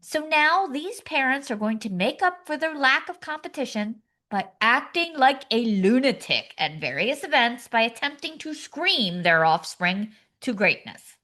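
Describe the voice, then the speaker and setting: A woman's voice: sits high, very animated, unhurried, few pauses, bright, forceful tone. A woman co-hosting a comedy podcast, sarcastic and acting out screaming parents in her jokes. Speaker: podcast co-host.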